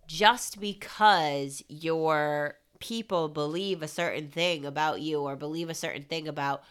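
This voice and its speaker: A woman co-hosting a casual comic book podcast, giving animated, incredulous reactions and her own takes. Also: low-pitched, a little slow, smooth. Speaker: podcast co-host.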